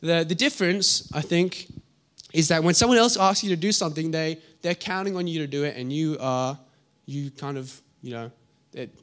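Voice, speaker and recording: A young man delivers a sermon in a voice pitched a little high. He tells the story vividly, slipping into the voices of its characters. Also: moderate pace. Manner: animated storytelling, acting out voices in asides. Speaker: preacher.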